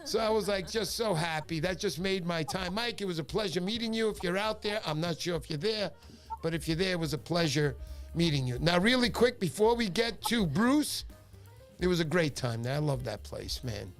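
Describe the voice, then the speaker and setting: Male livestream host, high-pitched, animated storyteller who greets his viewers; faint background music. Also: moderate pace. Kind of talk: casual livestream chat.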